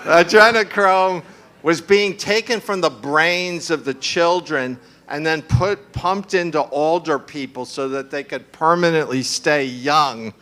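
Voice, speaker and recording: A man's voice: a little high, bright, forceful tone, clean tone. A man talking at a live conference panel, discursive and full of asides and fillers. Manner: discursive, frequent fillers and asides, laughs often. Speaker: panel speaker.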